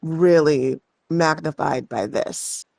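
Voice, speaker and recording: A woman voicing a knowledgeable, concerned male shopkeeper who explains in a measured way. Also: low-pitched, vocal fry, dark tone, no echo, heavily acted. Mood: thoughtful.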